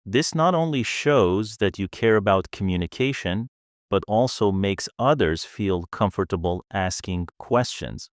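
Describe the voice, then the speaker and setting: A man teaches spoken English in a calm, explanatory way, walking through practical tips. His voice sits fairly low and he speaks slowly. The recording is dry and close, with no room sound. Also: dry recording. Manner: calm, explanatory, advice-giving. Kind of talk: scripted English lesson.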